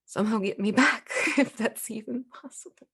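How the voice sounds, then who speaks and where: A woman voicing a trapped, longing spectral young woman in tabletop role-play, soft and wistful. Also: on the high side, normal speed, breathy edge, full character voice.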